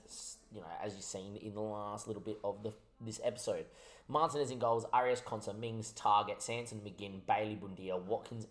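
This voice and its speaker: Slightly tipsy on wine, a lowish-voiced man talks casually over his football management game, alternating chatty asides with excitable mock match commentary.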